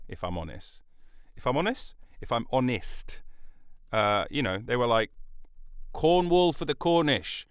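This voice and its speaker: A man's voice: medium pitch, a bit bright, smooth, no echo, clean studio sound. Rambling, jokey male podcast host. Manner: rambling, jokey, self-mocking asides. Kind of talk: solo podcast monologue. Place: recording studio. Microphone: studio mic.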